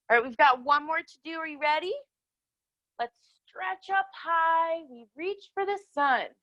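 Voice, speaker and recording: A young woman guides children through a yoga class outdoors in a bright, high voice. She talks slowly and cheerfully, drawing out her cues. The sound is close and dry. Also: dry recording, rough recording. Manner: cheerful, encouraging, sing-song cues to children. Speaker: kids yoga instructor. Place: outdoors in a yard.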